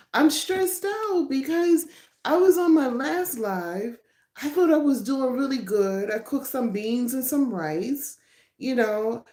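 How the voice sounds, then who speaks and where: Her voice is a little high and a little mellow as this middle-aged livestream host talks casually with her viewers over her phone. She laughs a lot while chatting loosely, and the room gives the audio a noticeable echo.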